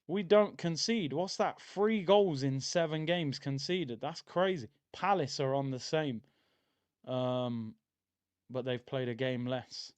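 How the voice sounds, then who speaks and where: Here a man at medium pitch talks slowly with a clean tone while streaming a football watchalong. His live reaction chat is casual and chatty, full of read-out viewer comments and sudden bursts of excitement.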